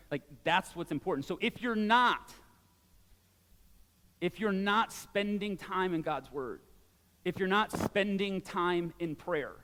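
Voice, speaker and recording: A man in his forties preaching a sermon as a pastor, conversational and animated, with frequent asides to the congregation. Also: fairly high pitch, long reverb tail.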